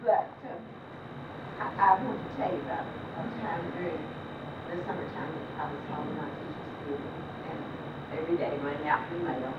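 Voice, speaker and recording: A woman's voice: deep voice, brisk, very noisy. Woman telling family stories, roomy and distant. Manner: chatty, laughs often, many ums and restarts. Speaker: family member telling stories at an anniversary party. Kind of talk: anecdotal storytelling to a crowd. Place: hotel banquet room. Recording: dull, distant, echoey 1990s home video.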